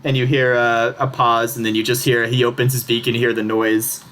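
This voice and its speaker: A man's voice: mid-range voice, level tone, a little fast, fairly bright tone. Casual, rambling game master man. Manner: casual, rambling, laughs often. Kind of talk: narrating a tabletop game.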